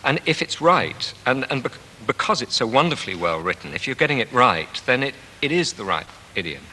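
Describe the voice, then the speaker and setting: A man's voice: medium pitch, big pitch swings, fairly quick, sharp tone, in a large hall, a little hiss or hum. A male actor talking thoughtfully in an interview about his craft, searching for words and restarting often. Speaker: stage actor. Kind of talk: reflective interview.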